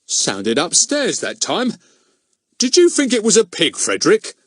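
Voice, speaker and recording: A man's voice: high-pitched, huge pitch swings, unhurried, dry recording, clean studio sound, pitched above the performer's own voice, full character voice. A man doing a blustering, pompous village policeman.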